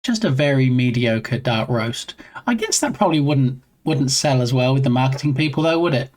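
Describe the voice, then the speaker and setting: Male live streamer, mid-pitched, playful and rambling, bantering with chat at his desk mic. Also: expressive, normal speed, a little mellow. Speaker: game dev streamer. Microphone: own desk mic.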